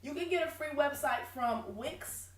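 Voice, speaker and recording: A woman's voice: high voice, expressive, a little slow, slight background noise. A woman business coach giving direct, emphatic advice in a casual video lesson. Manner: direct, emphatic, self-correcting. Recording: echoey room.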